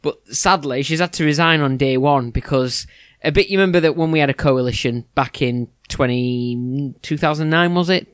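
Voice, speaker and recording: A man's voice: fairly high pitch, moderate pace, clear, resonant tone, no room sound, clean studio sound. A man co-hosting a casual news chat, hesitant with many restarts. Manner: hesitant, lots of restarts and fillers. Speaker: podcast co-host.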